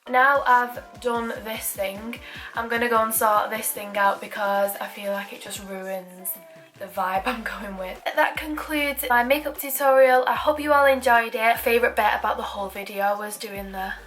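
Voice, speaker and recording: A woman's voice: fairly high pitch, steady tone, normal speed, fairly bright tone, soft background music. Giggly young woman vlogging. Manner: chatty, giggly, self-deprecating. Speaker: beauty vlogger. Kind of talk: chatty makeup tutorial. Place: her bedroom.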